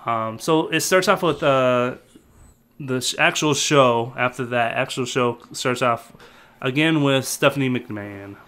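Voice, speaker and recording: A man's voice: mid-range voice, unhurried, fairly bright tone. A man co-hosting a casual review chat, rambling and hesitant, full of fillers and restarts. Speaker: podcast co-host.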